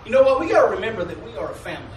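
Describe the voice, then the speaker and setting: A man preaching a sermon to his congregation, calling for "Amen" responses and drawing out mock commandments in a slow solemn tone. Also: sits high, big pitch swings, a loud crowd. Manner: drawls mock King James commandments slowly. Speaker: pastor. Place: church sanctuary. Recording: echoey church from a distance.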